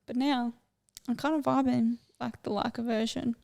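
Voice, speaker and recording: A woman's voice: fairly high pitch, steady tone, moderate pace, gravelly, darkish tone. A young woman co-hosting a podcast, chatting casually and rambling from one topic to the next. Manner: chatty, rambling, easily sidetracked. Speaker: podcast co-host. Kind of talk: casual chat.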